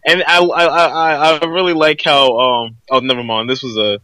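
A man's voice: medium pitch, little pitch movement, moderate pace, sharp tone, dry recording. A man co-hosting a wrestling podcast, talking casually in a mocking, profane way and laughing often. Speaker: podcast co-host.

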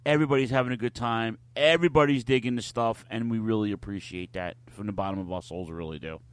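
A man's voice: fairly low pitch, fast, clear, resonant tone, dry recording. Man, casual podcast chat, blunt, swearing, dry studio sound. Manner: blunt, swears freely, ranting. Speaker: podcast co-host.

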